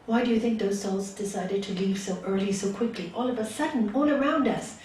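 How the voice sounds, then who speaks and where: A woman's voice: medium pitch, brisk, darkish tone, a little hiss or hum. A woman spiritual teacher giving an earnest talk to a gathering, asking many rhetorical questions, recorded from far off in an echoey hall. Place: meeting hall.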